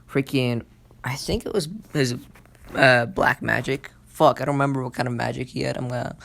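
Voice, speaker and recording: Rambling gravelly-voiced man. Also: medium pitch. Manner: rambling, lots of fillers and swearing. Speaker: channel host. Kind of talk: casual anime plot retelling.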